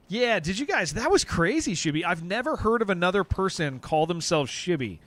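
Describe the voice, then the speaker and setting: A man's voice: high voice, sing-song, a little fast, hardly any pauses, fairly bright tone, no echo. A man streaming a game, chatting casually and emphatically with his viewers and answering their messages as he goes. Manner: rambling, emphatic, reacts to chat messages.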